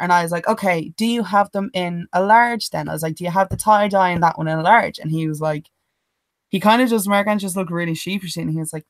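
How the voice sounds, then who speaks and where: A woman's voice: lowish voice, no room sound. Irish woman telling a story, dry sound. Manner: animated anecdote-teller who swears freely and mimics others in quotes. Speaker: podcast co-host. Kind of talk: casual storytelling chat.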